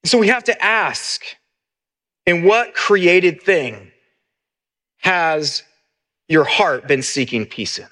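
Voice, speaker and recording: Pastor, middle-aged man, earnest sermon delivery, high bright voice. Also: takes it slowly, long pauses. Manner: earnest, repeats words as he restarts.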